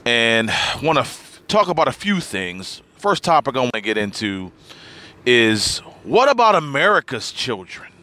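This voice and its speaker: A man's voice: mid-range voice, bright, forceful tone. A man hosting a political commentary podcast, talking emphatically and stressing the same words again and again. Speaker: podcast host.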